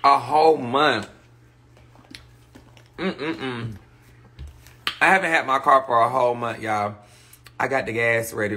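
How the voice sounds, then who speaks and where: Brash, sharp-voiced man ranting. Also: mid-range voice, a little slow, long pauses, a little hiss or hum. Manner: brash, profane and gossipy; frustrated, ranting. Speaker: livestream host. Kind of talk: casual livestream chat. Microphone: phone or webcam on a live stream.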